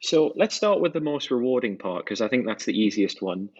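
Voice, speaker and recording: A man's voice: medium pitch, very animated, a little fast, darkish tone, dry recording, highs cut off. A man, a brand founder, talking enthusiastically about his business in a podcast interview. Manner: enthusiastic, fluent product talk with restarts. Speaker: watch brand founder, guest.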